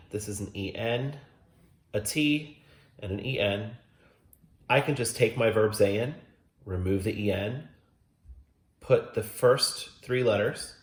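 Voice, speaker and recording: A man teaching German grammar at a whiteboard, explaining step by step and patiently, with emphatic stress on key words. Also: lowish voice. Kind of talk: classroom lesson explanation. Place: classroom at a whiteboard. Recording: roomy classroom echo.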